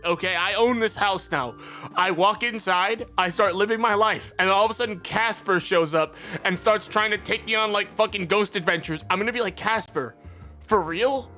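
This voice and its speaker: A man's voice: high voice, normal speed, bright, forceful tone, soft background music. A man streaming live who rants and swears heatedly while he chats to his viewers. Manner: ranting, profane, heated. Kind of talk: casual livestream chat.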